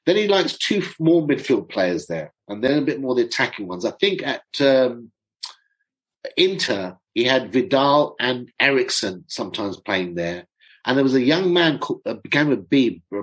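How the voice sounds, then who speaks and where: A man's voice: mid-range voice, low-quality recording. Chatty middle-aged man talking football. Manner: chatty and excitable, stumbles over names. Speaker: football fan commentator. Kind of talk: casual chat to viewers.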